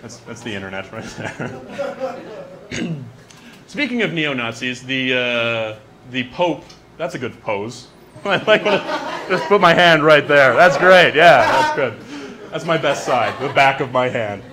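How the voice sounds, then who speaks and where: Wry stand-up comic, noisy live room. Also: male voice, medium pitch, expressive, a little slow. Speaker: stand-up comedian. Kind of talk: stand-up comedy monologue. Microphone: handheld microphone.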